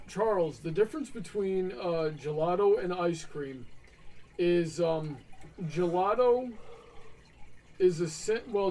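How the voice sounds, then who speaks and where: A man's voice: sits high, mellow, recorded from a distance, slight background noise, poor audio. A young man co-hosting a livestream, laid-back, answering viewer questions and chatting about his week. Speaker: stream co-host. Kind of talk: casual chat on a livestream.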